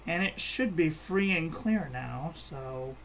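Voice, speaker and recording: Slow, low-voiced woman chatting casually. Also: animated, a little hiss or hum. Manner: chatty, meandering, with frequent restarts and fillers. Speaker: crafting vlogger. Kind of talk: casual rambling chat.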